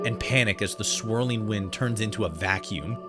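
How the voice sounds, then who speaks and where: A man's voice: lowish voice, moderate pace. A man streaming a game playthrough, reading the story text aloud and breaking off for crude joking asides. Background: faint game music.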